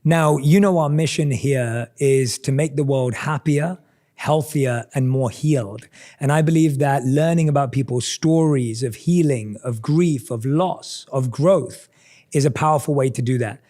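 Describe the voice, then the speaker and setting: Earnest mellow-voiced podcast host. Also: male voice, medium pitch, unhurried. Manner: earnest, grateful. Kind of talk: podcast introduction and interview.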